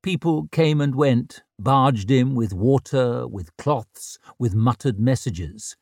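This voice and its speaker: A man narrating an audiobook with expressive storytelling. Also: mid-range voice, takes it slowly, vocal fry, no room sound. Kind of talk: scripted narration. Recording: dry close studio sound.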